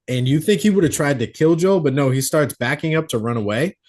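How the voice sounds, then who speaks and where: A man's voice: fairly high pitch, fairly quick. A man co-hosting a horror podcast, retelling a film plot casually, swearing and acting out the characters' lines. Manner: swearing, animated retelling with quoted character voices. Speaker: podcast co-host. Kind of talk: casual movie recap. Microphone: podcast mic.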